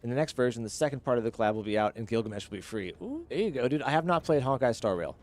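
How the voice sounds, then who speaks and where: A man streaming a game live, chatting with viewers and reacting excitedly as he plays. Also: medium pitch, racing. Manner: chatty, reads chat, excitable. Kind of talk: live gameplay commentary.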